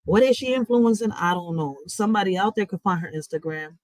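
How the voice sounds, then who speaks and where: A woman talks bluntly to her viewers while reacting to a news clip. Her voice sits mid-range and the room sounds dry and close. She keeps a chatty, animated tone. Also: medium pitch, a little fast, dry recording, poor audio. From Philadelphia, USA. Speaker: host of a reaction channel. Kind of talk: casual reaction commentary.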